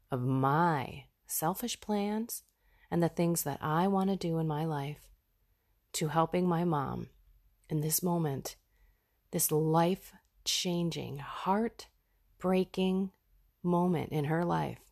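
A woman's voice: low-pitched, slow pace, gravelly, darkish tone. A woman hosting a podcast, sharing a raw personal reflection in an earnest, heartfelt way. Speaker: podcast host.

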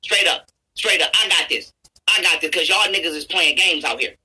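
A man delivers an angry commentary rant with a husky, rough edge to his voice. His tone is piercingly bright, and he stumbles through restarts before rising into shouts. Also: sits high, normal speed, rough recording. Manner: profane, repetitive, stammering restarts, rising to shouts. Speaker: YouTuber. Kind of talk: angry ranting commentary over a played clip.

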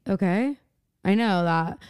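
A woman's voice: medium pitch, slow, a little mellow, clean tone, dry recording, clean studio sound. A young woman co-hosting a casual podcast, telling stories animatedly with lots of fillers and laughs. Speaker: podcast co-host. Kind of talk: casual chat.

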